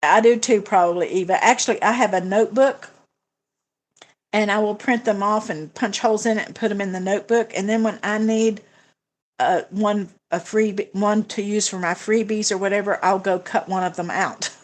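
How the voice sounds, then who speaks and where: A woman's voice: medium pitch, fairly even intonation, normal speed. Woman livestream host, casual and hesitant, talks through budget plans with viewers. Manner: chatty, hesitant, many fillers and restarts. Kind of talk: casual livestream chat reading comments.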